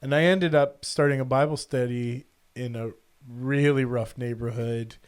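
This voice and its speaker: A man's voice: medium pitch, a little slow, smooth. A middle-aged man hosting a podcast, telling a story casually and acting out the people in it. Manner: animated, quotes people in the story. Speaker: podcast host.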